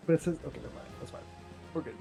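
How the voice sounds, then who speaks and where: A young man playing in a tabletop game, excitable and thinking out loud, swearing freely. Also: racing, soft background music. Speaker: player. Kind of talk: casual game chat.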